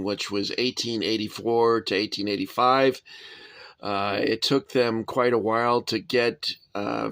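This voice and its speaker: A man talks through a collection of painted toy soldiers in a loose show-and-tell way, stopping often on "uh" and "um" and slipping in dry little jokes. His voice sits at an ordinary middle pitch, and the sound is close and dead, with no room around it. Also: fairly bright tone, no echo. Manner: rambling, chatty, frequent uh and um, dry asides. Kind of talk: casual show-and-tell review.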